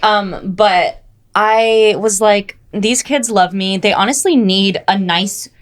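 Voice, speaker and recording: A young woman co-hosting a podcast, telling stories in animated casual chat, full of "like" and "oh my God". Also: medium pitch, slow pace. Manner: animated storytelling, frequent "like" and "oh my God". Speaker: podcast co-host.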